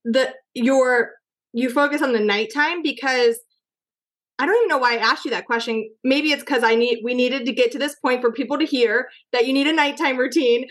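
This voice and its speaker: A woman with a high voice hosting a casual podcast interview. She gushes over her guest's ideas and chats freely. Her talk is effusive and informal. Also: moderate pace, fairly bright tone. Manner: gushing and effusive, chatty. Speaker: podcast host.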